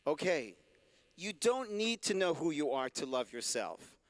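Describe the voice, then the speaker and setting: A man's voice: on the high side, very animated, unhurried, no echo. A man, a rabbi, giving a talk and answering audience questions in a conversational, joking way. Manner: warm, joking, conversational teaching. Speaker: rabbi and speaker. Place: convention hall stage.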